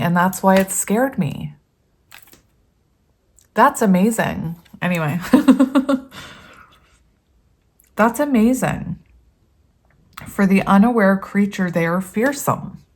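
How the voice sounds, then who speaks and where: A woman giving a casual tarot reading to her viewers, chatty and rambling, often laughing and reading card meanings aloud. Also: lowish voice. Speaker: tarot reader.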